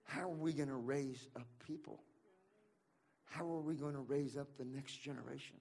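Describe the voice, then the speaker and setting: A male pastor from Central California preaching a sermon, calling out to the room and repeating his lines as he builds to shouts. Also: medium pitch, steady tone, normal speed, vocal fry. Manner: calls to the room and repeats himself.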